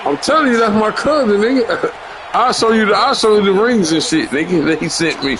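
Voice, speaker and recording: Loud trash-talking man gaming. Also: high voice, a little fast, noisy background. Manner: loud, boastful trash talk with heavy slang and profanity. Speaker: gamer streamer. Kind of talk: trash-talking game commentary.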